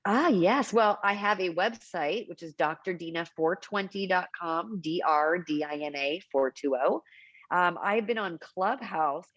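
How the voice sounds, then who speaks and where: Lively storytelling woman, low voice. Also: unhurried, dry recording, highs cut off. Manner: animated, acts out quotes in anecdotes. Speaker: cannabis advocate guest. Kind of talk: storytelling interview chat.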